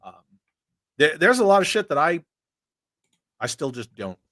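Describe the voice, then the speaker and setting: Guy hosting a toy stream, bright tense voice, kinda high, dry close sound. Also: big pitch swings, normal speed, no room sound. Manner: reads viewer super chats aloud, frank and profane. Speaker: host. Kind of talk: casual livestream chat.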